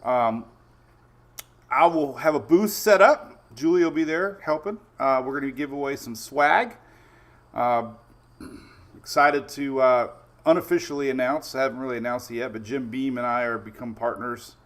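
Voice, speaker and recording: A friendly man chats casually on his weather livestream, his voice sitting at an ordinary middle pitch. He greets viewers by name between stories and slips quoted lines into his anecdotes. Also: normal speed, fairly bright tone. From Florida Gulf Coast. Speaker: weather show host.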